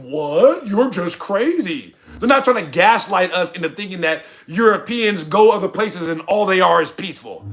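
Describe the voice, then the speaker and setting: Heated high-voiced man ranting. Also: a bit bright. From United States. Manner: heated, argumentative, sarcastic. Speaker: streamer answering chat. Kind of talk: livestream rant.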